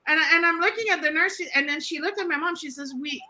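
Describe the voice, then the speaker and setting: Middle-aged woman, animated conversational storyteller, high and piercingly bright tone. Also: fast. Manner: animated, acts out quoted voices in her stories. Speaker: author and guest on a talk show.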